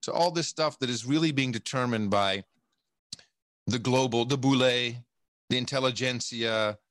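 A man's voice: medium pitch, measured pace, a bit bright, dry recording, clean studio sound. A man talking in a casual interview, rambling and emphatic, swearing often and restarting his sentences. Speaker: podcast guest. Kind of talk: casual conversation.

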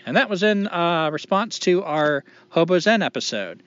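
A man's voice: high voice, lively intonation, moderate pace, hardly any pauses, fairly bright tone. Guy co-hosting a podcast, rambly and sweary, jokes at his own expense, kinda muffled lo-fi sound. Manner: rambling, profane, self-deprecating. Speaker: podcast co-host. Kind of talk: casual podcast chat. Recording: dull lo-fi podcast recording.

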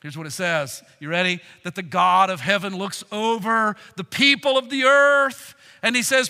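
An older man preaching a sermon, fervent, swinging from loud declarations to hushed passages. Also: high voice, moderate pace, few pauses, clear, resonant tone, long reverb tail. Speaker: pastor.

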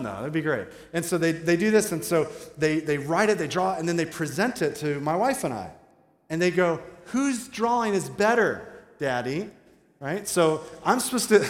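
A man in his thirties preaching a sermon in a conversational, joking way, asking the congregation questions. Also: sits high. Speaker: pastor. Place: large church hall. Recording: roomy hall with long reverb.

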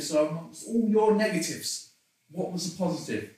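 A man's voice: fairly high pitch, lively intonation, moderate pace, darkish tone. Rambling man, roomy distant recording. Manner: rambling, self-deprecating, laughs often. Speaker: interview guest. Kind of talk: candid personal conversation.

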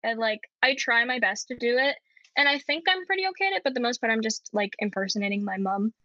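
A young Canadian woman chatting casually, her voice pitched a little high and full of fillers and laughter. The recording is dull and lo-fi, with a dry, close sound. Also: lively intonation, fast, pushed and bright, dry recording. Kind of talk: casual chat.

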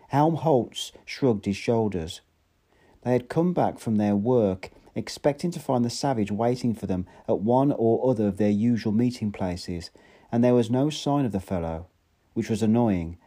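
A man reading a novel aloud at a measured pace, stumbling now and then and correcting himself. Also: fairly low pitch, dark tone. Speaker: audiobook narrator.

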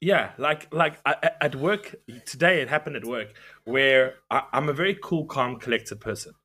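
A man co-hosting a podcast, telling a work story in a lively way, often stopping to correct himself. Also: medium pitch, moderate pace, slightly rough. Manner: lively storytelling, self-interrupting. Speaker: podcast co-host. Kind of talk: casual chat.

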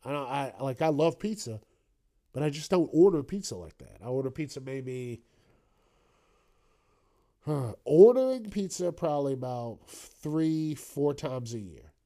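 A man hosts his own podcast and chats alone about the news. He talks slowly and loosely, cursing freely and drifting into joking tangents. His voice sits at an ordinary middle pitch. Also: animated, warm tone. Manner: rambling, profane, joking asides. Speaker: podcast host. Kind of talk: casual solo news commentary.

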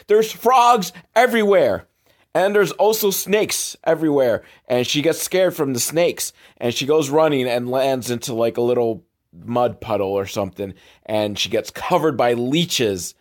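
A young man giving sarcastic, deadpan commentary on a film, exasperated and swearing, with sudden loud outbursts. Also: medium pitch. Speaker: host riffing on a film.

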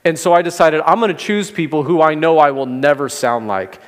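A man preaching a sermon as pastor, in a conversational way with gentle humor. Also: on the high side, animated, fairly quick, big-room sound. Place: church sanctuary.

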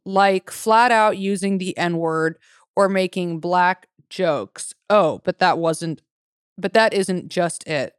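A woman's voice: mid-range voice, clean tone, dry recording, studio quality. A woman co-hosting a casual podcast chat, swearing freely and acting out the people in her stories. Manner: swears freely, quotes people in animated voices. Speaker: podcast co-host.

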